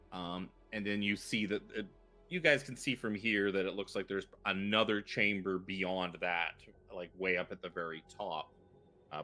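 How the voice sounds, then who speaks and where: Bright-voiced man running a tabletop game. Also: fairly low pitch. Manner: relaxed, rambling descriptions with fillers. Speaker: dungeon master.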